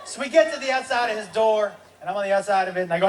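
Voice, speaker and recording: A man doing stand-up, telling a story in an animated way that bursts into shouting. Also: high voice, racing, hardly any pauses. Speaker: comedian. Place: comedy club stage. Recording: roomy live club recording from a distance. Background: audience laughter and room noise.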